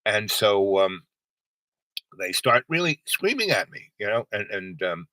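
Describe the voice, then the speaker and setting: A man spins a long, meandering story, stopping and restarting often. His voice sits a bit low but rings bright and forceful. The sound is dry and close. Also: sing-song, a little slow, no echo, low-quality recording. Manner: meandering, full of fillers and restarts; acts out other people's lines with a raised voice. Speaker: vlog host telling a personal story. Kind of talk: rambling casual storytelling.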